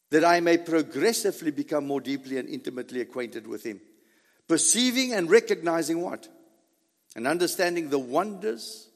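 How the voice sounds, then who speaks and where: Male pastor, sermon, emphatic preacher with dramatic pauses and an animated delivery. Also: on the high side, vocal fry, big-room sound.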